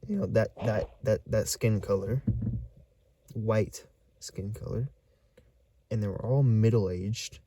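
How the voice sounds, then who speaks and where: A man telling a creepy story in a casual vlog, rambling and halting with lots of fillers as he hunts for words. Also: on the low side, dark tone, a little hiss or hum. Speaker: vlogger.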